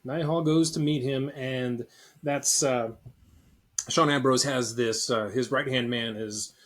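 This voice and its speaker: A man's voice: mid-range voice, steady tone, slow pace, a bit bright. A man co-hosting a casual movie discussion podcast, joking and rambling with frequent laughs. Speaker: podcast co-host.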